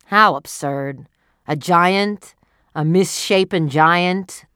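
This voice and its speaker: A woman's voice: lowish voice, extremely slow, fairly bright tone, clear, resonant tone, dry recording, clean studio sound. A woman voicing a curt, mocking alien husband in a read-aloud story. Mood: scornful. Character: cold scornful alien husband, adult man.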